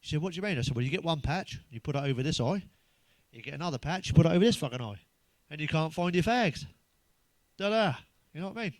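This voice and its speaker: An English man with a fairly high speaking voice fires off crude, sweary one-liners as a stand-up comic. The sound is close and dry, with no room around it. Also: animated, racing, darkish tone, dry recording. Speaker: stand-up comedian. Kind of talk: stand-up joke routine.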